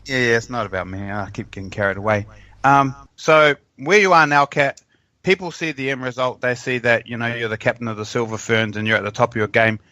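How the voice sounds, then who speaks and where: A man's voice: medium pitch, brisk, bright, forceful tone, no echo. A man hosting a podcast, enthusiastic and prone to rambling stories. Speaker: podcast host. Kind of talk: casual podcast chat.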